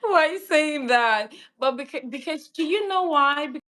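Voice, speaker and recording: A woman from Lagos, a gentle and affectionate guest who laughs often. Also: high-pitched, expressive, moderate pace. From Lagos, Nigeria. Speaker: guest, host's best friend. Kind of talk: casual chat with a friend.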